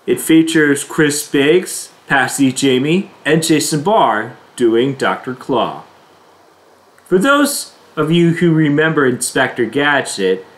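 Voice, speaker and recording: A man hosting his own reaction video, reading his intro and verdict in a slow, deliberate, plain way. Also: medium pitch, a bit bright. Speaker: video reactor, channel host. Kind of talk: scripted reaction video narration.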